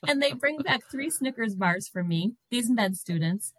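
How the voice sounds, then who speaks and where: A middle-aged woman guest telling a personal story in an animated way, breaking into laughter. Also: fairly high pitch, moderate pace, hardly any pauses, no room sound, low-quality recording.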